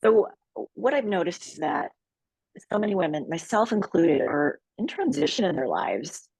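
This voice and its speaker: A low-pitched woman with a husky edge speaks calmly and earnestly as an interview guest. She takes her time, with measured pauses. The sound is close and dry. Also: no room sound. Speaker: sexual healing retreat leader.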